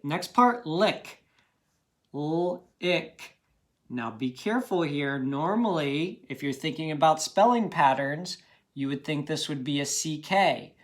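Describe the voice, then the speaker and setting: A man teaching a phonics lesson to children, patient and encouraging, checking in often with "okay?". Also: on the high side.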